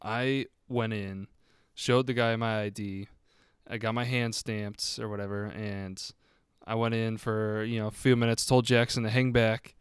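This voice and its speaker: A man in his twenties with a low, smooth voice talks in an easygoing, halting way, filling gaps with uh's. The sound is close and dry. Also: level tone, dry recording. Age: 20s. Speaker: podcast co-host. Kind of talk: casual storytelling.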